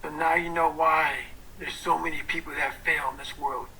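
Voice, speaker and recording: A man giving an intense, profane motivational talk, swinging from loud, blunt bursts to hushed whispers. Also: on the high side, steady tone, normal speed, very noisy. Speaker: motivational speaker.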